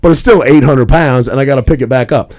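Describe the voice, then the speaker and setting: A man's voice: medium pitch, fast, a little mellow. A young man co-hosting a podcast, telling a rambling story in casual chat with plenty of swearing. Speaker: podcast co-host.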